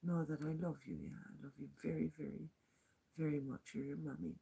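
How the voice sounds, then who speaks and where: Husky, gravelly woman talking to camera. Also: low-pitched, little pitch movement, brisk, warm tone. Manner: rambling, heartfelt, with many fillers and restarts. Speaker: walking pilgrim vlogger. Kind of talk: casual video diary.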